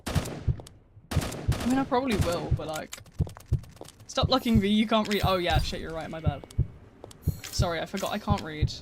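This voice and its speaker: A young-sounding man with a notably high voice streams a game live, chattering casually and cursing freely as things go wrong. The recording has clear background noise with mouse and keyboard clicks under his voice. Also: measured pace, pauses often. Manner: casual, excitable, swears and laughs often while reading chat. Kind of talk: live gameplay commentary. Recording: noisy with mouse and key clicks.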